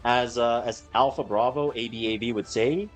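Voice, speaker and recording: A young man streaming a game, commenting casually, swearing freely and chanting the same word over and over in excitement. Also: medium pitch, moderate pace. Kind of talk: casual live gameplay commentary. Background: faint game music.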